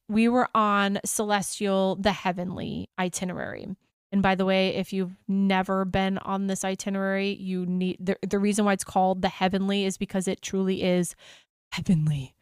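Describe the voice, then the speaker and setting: A woman's voice: mid-range voice, fairly even intonation, moderate pace, clear, resonant tone, no room sound, clean studio sound. Gushing American woman podcast host. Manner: gushing, enthusiastic storyteller. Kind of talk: casual chat.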